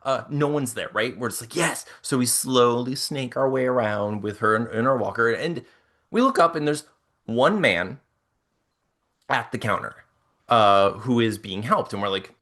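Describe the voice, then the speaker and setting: A young man co-hosting a casual chat, telling a long story in an animated, rambling way and acting out the people in it. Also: medium pitch, moderate pace. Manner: animated, rambling, acts out quotes. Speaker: podcast co-host.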